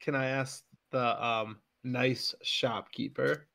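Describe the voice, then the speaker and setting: Chill guy playing a tabletop game, slow and polite. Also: medium pitch, fairly even intonation, gravelly, pushed and bright, no room sound, studio quality. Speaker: player. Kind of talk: casual tabletop game play.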